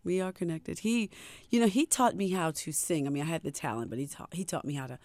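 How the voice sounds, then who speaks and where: A woman's voice: low-pitched, animated, fast talker, no room sound. Playful middle-aged woman in dry studio. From Maryland, USA. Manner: warm, laughing, playful banter. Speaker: guest singer. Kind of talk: casual celebrity interview.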